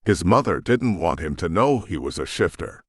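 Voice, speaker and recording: A man's voice: sits low, expressive, moderate pace, dry recording, studio quality. A man voicing an earnest young woman in an audiobook, polite and pleading.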